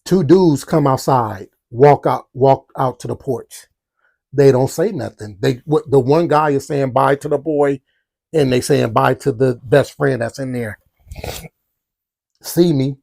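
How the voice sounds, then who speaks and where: Speaking a little slowly in a creaky, mid-range voice, a man hosts a storytelling podcast. He recounts something from his own life with lots of animation, talks right to his audience, and performs the quoted lines.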